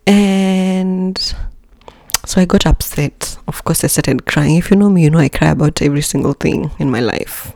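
A woman's voice: low voice, fairly quick, gravelly, few pauses, no room sound. Young woman, story-time host, dramatic and chatty, dry close sound. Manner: animated and dramatic, slipping into Swahili slang. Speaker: podcast host. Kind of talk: casual storytelling.

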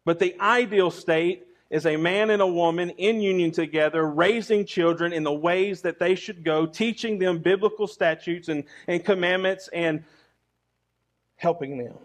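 Male pastor, young adult, high-voiced, earnest preacher who repeats himself. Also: normal speed. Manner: earnest preaching with repeated words and rhetorical questions. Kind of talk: sermon.

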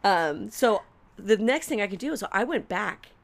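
A woman's voice: medium pitch, lively intonation, moderate pace, creaky. A young adult woman in casual chat, telling a story with lots of swearing and acted-out quotes. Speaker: storyteller guest.

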